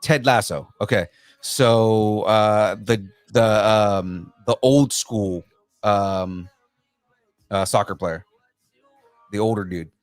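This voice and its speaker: A man co-hosting a pop culture podcast, rambling and halting with lots of fillers. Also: on the low side, no room sound. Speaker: podcast co-host. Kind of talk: casual pop culture chat.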